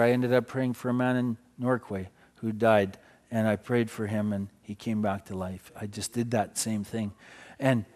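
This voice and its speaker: A middle-aged man, preaching a sermon as he tells a story, swinging from loud exclamations to hushed passages. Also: medium pitch.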